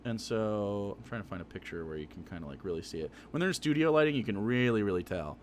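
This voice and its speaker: A man's voice: on the low side, animated, quick pace, a little hiss or hum. A man live-streaming his reaction to a video, swearing freely, laughing and talking back at the screen.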